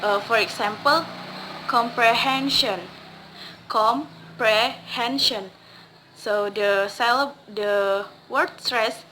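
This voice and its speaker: Woman english speaker teaching word stress, slow and hesitant, bit of background hiss. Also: a little high, pushed and bright, poor audio. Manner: hesitant, with fillers and self-corrections; repeats example words slowly, stressing syllables.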